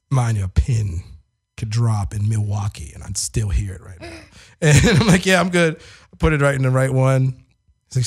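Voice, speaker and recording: A man's voice: mid-range voice, normal speed, husky. Laid-back man telling studio stories. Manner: laid-back, heavy use of "like", laughs often. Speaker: audio engineer and producer. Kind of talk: casual storytelling chat.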